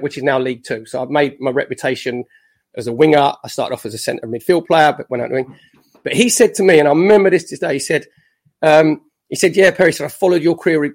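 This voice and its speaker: A man in his fifties, a former footballer, telling lively anecdotes as a podcast guest with self-mocking jokes. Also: on the high side.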